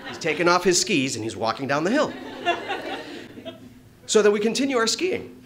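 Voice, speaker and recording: A man tells a personal story before a crowd in a small bar, his pitch swinging widely as he talks. He swears freely and laughs his way through it. A faint hum of noise sits behind him. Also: moderate pace. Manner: animated, swears freely, laughs while telling. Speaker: storyteller at a live event.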